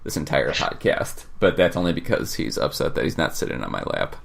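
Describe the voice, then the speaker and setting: A man's voice: rumbling low, expressive, fairly quick, creaky, fairly bright tone. A man co-hosting a podcast in casual chat, laid-back and joking. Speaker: podcast co-host.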